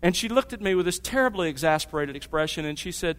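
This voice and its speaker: A man's voice: on the high side, animated, quick pace, fairly bright tone. A middle-aged man preaching a sermon, teaching earnestly and telling family stories. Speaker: pastor. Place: church sanctuary. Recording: long reverb of a church hall.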